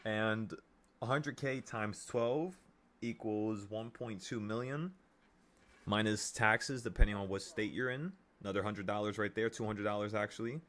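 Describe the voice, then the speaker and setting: A young man with a lowish voice talks straight to his viewers about trading money. He runs through the numbers out loud, blunt and pumped up, in casual everyday speech. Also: a little slow. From New York. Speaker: trading vlogger.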